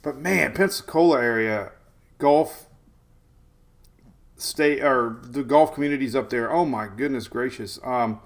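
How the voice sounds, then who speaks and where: A man's voice: medium pitch, measured pace, vocal fry, long pauses. Chatty man hosting a morning live stream. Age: 40s. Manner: chatty, rambling, shouts out to viewers and talks to his dogs. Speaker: weather streamer host. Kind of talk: casual live-stream chat. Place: home in Florida.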